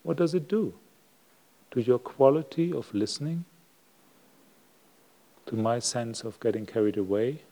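Monk giving a sermon, mellow male voice, slow and reflective with long pauses. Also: mid-range voice, animated. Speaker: Buddhist monk giving a Dhamma talk. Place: monastery hall.

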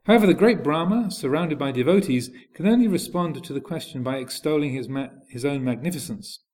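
A man's voice: a little high, expressive, fairly quick, darkish tone. A man teaching as a Buddhist monk, giving a dharma talk with a hesitant delivery full of fillers and restarts.

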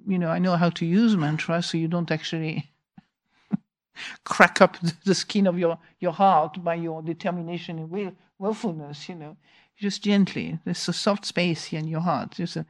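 A woman teacher giving an informal dharma talk, telling a lively story, laughing often and mimicking her own inner voice. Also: lowish voice. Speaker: meditation teacher.

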